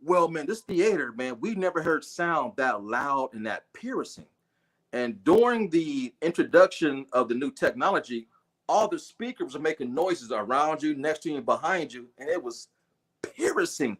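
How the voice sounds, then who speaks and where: A middle-aged man telling a movie story on a casual livestream, animated and full of swearing. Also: fairly high pitch, normal speed. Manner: animated, profane, acts out voices. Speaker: guest storyteller.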